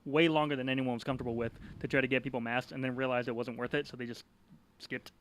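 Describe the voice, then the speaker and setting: A man's voice: medium pitch, level tone, fast talker, a bit bright, a little hiss or hum. A young man co-hosting a casual podcast chat, wry and teasing. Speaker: podcast co-host.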